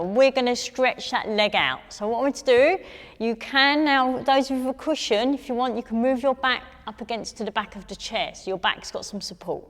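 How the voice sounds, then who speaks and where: An English woman instructing a gentle chair exercise class, encouraging and talking viewers through each move. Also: on the high side, long reverb tail. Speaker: fitness instructor.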